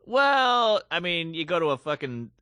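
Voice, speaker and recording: Bright-voiced wisecracking man. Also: fairly high pitch, clear, resonant tone, dry recording, clean studio sound. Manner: quick deadpan quips and throwaway jokes. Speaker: podcast co-host. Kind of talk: casual comedic chat.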